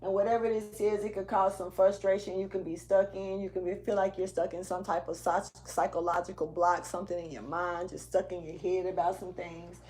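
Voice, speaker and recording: A woman's voice: fairly low pitch, level tone, brisk, few pauses, darkish tone, a little hiss or hum. A woman doing a casual tarot reading for her channel, loose and slangy, rambling and sometimes half-rapping as she walks around indoors. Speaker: tarot reader. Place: indoors, moving around the room.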